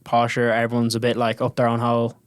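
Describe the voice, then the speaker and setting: A man's voice: mid-range voice, completely flat delivery, quick pace, clear, resonant tone, dry recording, clean studio sound. Young man with a posh South Dublin accent. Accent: South Dublin Irish. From Ireland. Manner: rambling storyteller with many restarts. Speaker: guest. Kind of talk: casual chat.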